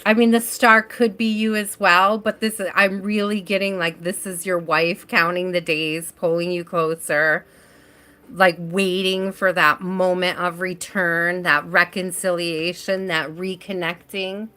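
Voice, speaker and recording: A woman's voice: on the low side, little pitch movement, a little slow, pushed and bright. A woman hosting a live tarot reading stream, chatting casually and addressing viewers by name as she reads.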